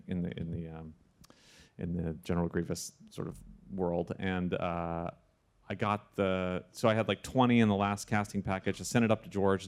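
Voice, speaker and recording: A man, a sound designer, telling a lively story at a live evening panel, often restarting his sentences and laughing. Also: on the low side. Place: live evening event before an audience.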